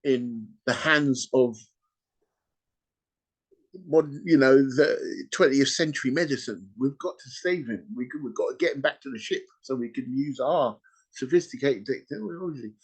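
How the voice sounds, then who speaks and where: A man's voice: medium pitch, unhurried, husky, rough recording. Give me a blunt, exasperated starship doctor, voiced by a man. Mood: urgent. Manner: blunt, incredulous.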